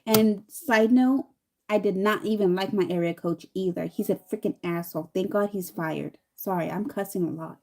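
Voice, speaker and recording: A chatty woman in her thirties tells a long, rambling story while she does her makeup, slipping into the voices of the people in it. Her tone is mellow and warm, sitting at an ordinary middle pitch. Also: normal speed, creaky. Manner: chatty, rambling, animated quoting. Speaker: vlogger.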